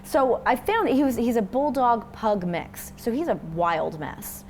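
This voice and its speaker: A woman's voice: fairly high pitch, sing-song, a little slow. A young woman from Toronto talks through an interview in a loose, rambling way, full of "like" and half-finished thoughts. Her voice rises and falls a lot as she goes. A faint background hum sits under the recording. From Toronto, Canada. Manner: chatty, rambling with many fillers and likes. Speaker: interview guest. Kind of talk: casual interview chat.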